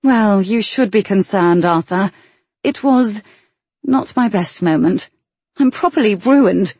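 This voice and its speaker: A woman voicing an impulsive, spirited young lady who talks in an animated, dramatic way. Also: mid-range voice, slow pace, slightly rough, no echo, heavily acted. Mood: earnest.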